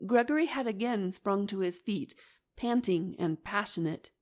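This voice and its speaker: A woman reads a classic novel aloud as an audiobook, her medium-pitched voice measured and expressive in this scripted narration.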